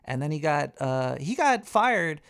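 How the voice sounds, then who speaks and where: A man's voice: on the high side, big pitch swings, unhurried, fairly bright tone. A man hosting a talk show, ranting in a rambling, profane way with frequent stammering and restarts. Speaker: radio show host.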